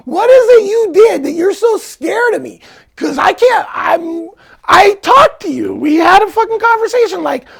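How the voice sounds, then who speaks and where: A man's voice: extremely high pitch, vocal fry, a bit bright. A man telling a personal story in a casual vlog, angry, profane and rambling. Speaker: vlogger.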